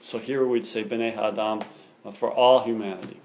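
A man's voice: lowish voice, steady tone, normal speed, a little mellow, a little hiss or hum. Male teacher, classroom lecture, keen and explanatory, reads aloud then unpacks it.

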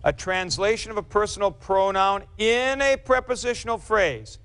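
A man's voice: high-pitched, expressive, normal speed, fairly bright tone, clean tone. A man teaching a grammar class in a lecture, who explains carefully, repeats key points and corrects himself. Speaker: Greek teacher.

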